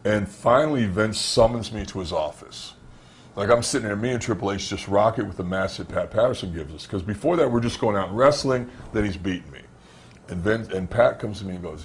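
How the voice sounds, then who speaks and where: Speaking fairly quickly in a lowish voice, with a little hiss or hum on the recording, this ex-wrestler tells interview stories about his pro career. He's animated and acts out each quoted exchange.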